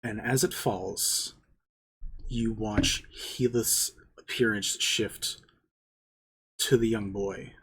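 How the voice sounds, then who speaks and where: A game master narrating a tabletop role-playing scene in a slow, deliberate way. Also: medium pitch, fairly even intonation, a bit bright, breathy edge.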